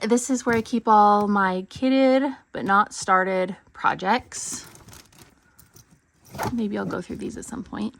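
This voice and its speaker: A woman's voice: mid-range voice, noisy background. A woman vlogger giving a casual tour of her home craft room, chatty and a little out of breath. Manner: chatty, with frequent ums and trailing asides. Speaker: cross-stitch vlogger.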